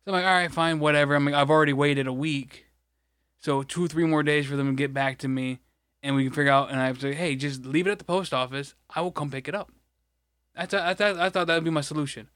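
Guy from michigan ranting about a lost package, swears a lot, slightly high voice, dead dry room. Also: fairly even intonation, quick pace, a bit bright, clear, resonant tone, no echo. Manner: profane, rambling, exasperated storytelling. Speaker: podcast co-host. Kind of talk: casual chat, storytelling.

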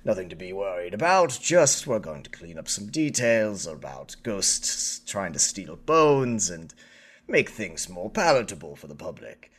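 A man voicing a pompous male Chancellor who smoothly talks around awkward truths, his pitch jumping up and down. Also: sing-song, measured pace, fairly bright tone, heavily acted. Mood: smoothly evasive.

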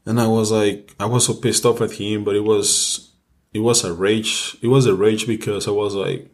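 A young man with a very deep, low voice tells a personal story on a casual podcast. He speaks candidly and with feeling, cursing freely as the memory builds. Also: flat delivery, normal speed. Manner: candid, emotional personal storytelling with frequent swearing. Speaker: podcast co-host.

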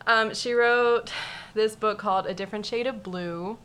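A woman's voice: medium pitch, normal speed, clear, resonant tone. A woman in her twenties, a podcast guest, chatting casually and making dry jokes. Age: 20s. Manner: joking, deadpan about grief. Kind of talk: casual chat.

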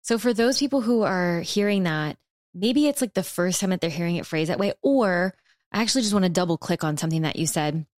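A woman's voice: fairly low pitch, animated, fairly quick, a little mellow, dry recording, studio quality. A woman hosting a podcast, asking thoughtful follow-up questions. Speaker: podcast host. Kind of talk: interview conversation.

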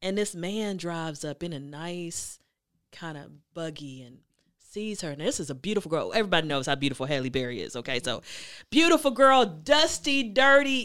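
A woman hosting a motivational talk, telling a story in a chatty, emphatic, animated way. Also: on the low side, moderate pace, smooth. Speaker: host.

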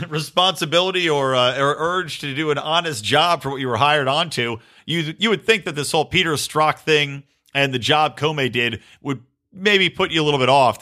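A man's voice: a little high, sharp tone. A man hosting a podcast, delivering a sarcastic, ranting political commentary monologue and swearing freely. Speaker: podcast host.

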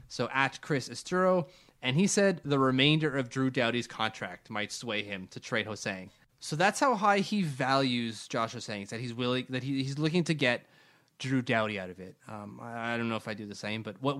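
A man from Canada co-hosting a casual sports podcast, relaxed and rambling, often restarting his sentences. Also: medium pitch, normal speed. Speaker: podcast co-host.

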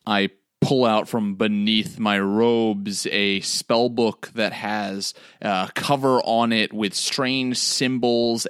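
A man playing a tabletop game, narrating his character's actions in the third person at an unhurried, slow pace. His voice is bright and forceful, and the sound is dry and close. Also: lowish voice, smooth, dry recording. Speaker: player.

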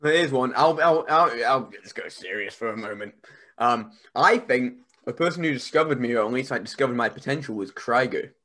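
Bright-voiced rambling male podcast guest. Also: medium pitch, a little fast. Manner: rambling, heavy on "like" and restarts. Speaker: wrestler guest. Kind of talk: casual podcast chat.

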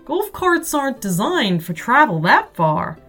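Patient dad, measured and thoughtful; woman narrator plays him. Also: high-pitched, faint music behind, voice pushed up, exaggerated voice. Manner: thoughtful and calm.

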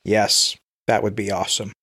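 A man's voice: fairly low pitch, little pitch movement, moderate pace, pushed and bright, husky. A man co-hosting a casual comics chat, blunt and joking, swearing freely.

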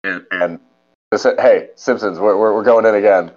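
A young man co-hosting a podcast in casual chat, animated and jokey with lots of stumbling restarts. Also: lowish voice, normal speed, pauses often. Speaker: podcast co-host. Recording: dull lo-fi recording.

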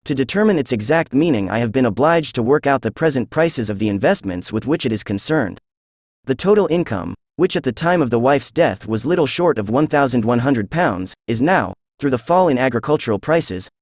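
A synthesized male voice reading the lines of a calm, witty detective in a storybook, mid-pitched and dry. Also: fairly quick, no room sound. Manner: flat synthetic delivery.

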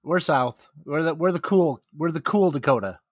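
A man's voice: fairly high pitch, normal speed, no room sound, clean studio sound. An American man co-hosting a podcast, joking and laughing through a casual interview. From United States. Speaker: podcast co-host.

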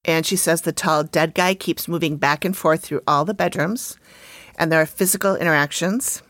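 A woman co-hosting a casual podcast, recapping a TV episode in a lively voice and laughing often. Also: low voice, moderate pace, no room sound. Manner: lively, laughs often, talks to her dog. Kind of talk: casual chat.

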